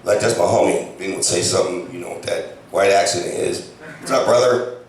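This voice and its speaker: A man's voice: sits low, flat delivery, fairly quick, a little hiss or hum. Casual stand-up man, echoey club. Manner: casual, loose storytelling with many fillers. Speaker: stand-up comedian. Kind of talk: stand-up comedy set. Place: comedy club stage. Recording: very echoey, distant club recording.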